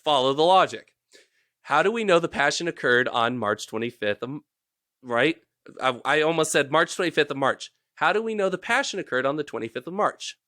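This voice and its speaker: Bright-voiced man rambling through history. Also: fairly high pitch, lively intonation, brisk, no echo, studio quality. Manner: rambling, self-correcting, jokey explainer. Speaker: podcast host presenting research. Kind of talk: casual podcast chat.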